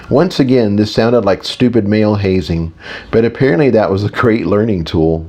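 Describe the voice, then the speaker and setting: Low-voiced man narrating an audiobook. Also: normal speed, darkish tone. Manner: casual, with small reading slips. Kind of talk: first-person audiobook narration.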